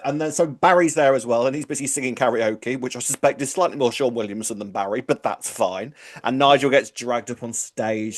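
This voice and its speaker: A man of middling pitch co-hosts a relaxed chat show. He talks chattily, gushes as a fan, and laughs easily. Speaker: podcast co-host. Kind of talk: casual chat.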